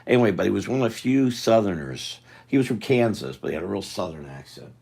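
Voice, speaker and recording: A man's voice: on the low side, lively intonation, quick pace, creaky, a little mellow, breathy edge. A man chatting casually and thinking aloud to his viewers as he draws live. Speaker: artist drawing live for viewers. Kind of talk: casual rambling chat while drawing.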